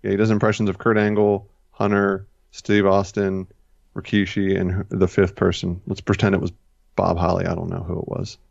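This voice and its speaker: Man, low voice, gravelly, casual rambling chat, dull lo-fi dry recording. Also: completely flat delivery, normal speed, darkish tone, no echo. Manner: rambling, self-correcting, retells scenes with quoted voices. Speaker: podcast co-host.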